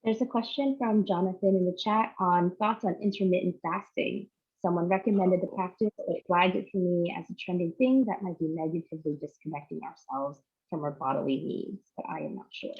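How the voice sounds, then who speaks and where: A woman's voice: fairly low pitch, fairly even intonation, brisk, few pauses, phone-quality sound. A woman moderating a live online conversation, politely reading out questions from the audience.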